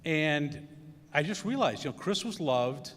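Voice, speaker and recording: A man's voice: a little high, lively intonation, measured pace. Man rambling through stories in a hall. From Wisconsin. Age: middle-aged. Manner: storytelling with many fillers and acted quotes. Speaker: commencement speaker. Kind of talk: anecdotal speech. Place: large hall. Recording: reverberant hall.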